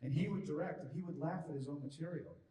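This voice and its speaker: A man guest at a convention panel, telling animated anecdotes and acting out other people's lines as he goes. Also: fairly high pitch, quick pace. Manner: animated, acts out quotes in other voices, laughs often. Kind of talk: anecdotal Q&A storytelling. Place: large convention hall. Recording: roomy hall from far off.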